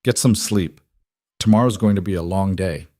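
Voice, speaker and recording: A fierce male crime boss speaks low and intensely, protective to the core, voiced by a male narrator. The sound is dry and close. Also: normal speed, a little mellow, dry recording, lightly acted. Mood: intense, tender.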